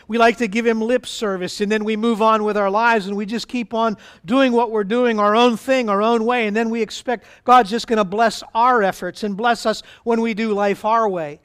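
A man's voice: high voice, a bit bright, smooth. A middle-aged man pastor giving a sermon in a conversational way, with asides and acted-out voices.

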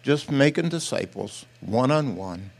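An older man shares a testimony from the pulpit in a folksy, animated way. He acts out the people in his story as he goes. His voice sits at an ordinary middle pitch. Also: a little slow, creaky. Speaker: pastor or missionary speaker. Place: church platform.

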